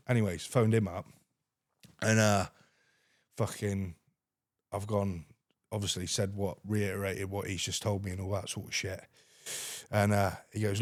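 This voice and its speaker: Here a young British man who served in the army swaps stories as a podcast guest, his fairly low voice moving at normal speed. The casual tales are packed with swearing and lively quoted dialogue, captured in a clean studio with no room sound.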